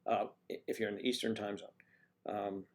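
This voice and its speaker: A man's voice: lowish voice, flat delivery, a little fast, darkish tone. A man hosting a casual livestream, rambling and chatting with viewers by name as he reads the chat. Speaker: livestream host reading chat.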